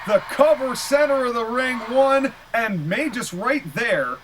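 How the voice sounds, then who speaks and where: A man calling a match play-by-play in casual style, excitable, laughing easily and exclaiming at big moves. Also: very high-pitched, slow, a loud crowd, rough recording. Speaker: play-by-play commentator.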